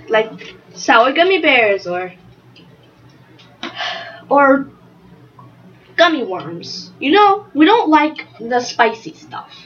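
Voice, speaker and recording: A woman playing a chatty young female unicorn in an improvised interview, earnest and a bit halting. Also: high voice, fairly bright tone, highs cut off, slight background noise, full character voice. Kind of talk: improvised role-play interview.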